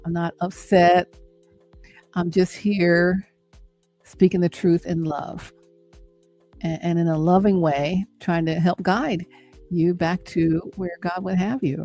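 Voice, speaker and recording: A woman's voice: on the low side, a little mellow. A middle-aged woman hosting a motivational faith talk on a livestream, speaking with an emphatic, repetitive, preacher-like cadence and coaxing her listeners.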